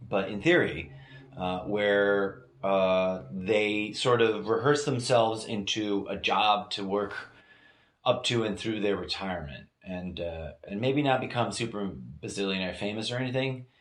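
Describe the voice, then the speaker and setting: Rambling low-voiced man in an echoey room. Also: fairly even intonation, measured pace, fairly bright tone. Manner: meandering, hesitant, many fillers and restarts. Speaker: podcast host. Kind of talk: rambling solo podcast monologue. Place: home room used as studio.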